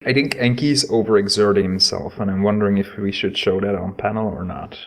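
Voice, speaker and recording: A man's voice: lowish voice, steady tone, a little fast. A man playing a tabletop game who describes scenes panel by panel, with fillers. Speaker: player. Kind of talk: casual tabletop game chat.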